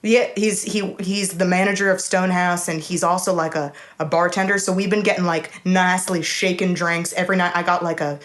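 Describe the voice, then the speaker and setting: A woman's voice: fairly low pitch, flat delivery, fairly quick, hardly any pauses. A woman co-hosting a podcast over a live video call, chatting casually, teasing and giggling and stumbling over her words. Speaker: podcast co-host. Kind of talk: casual chat.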